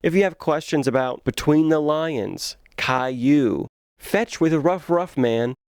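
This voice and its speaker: A man in his twenties giving sarcastic, animated comedic commentary on bad movies as a video host. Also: a little high, takes it slowly, clear, resonant tone, no room sound, clean studio sound.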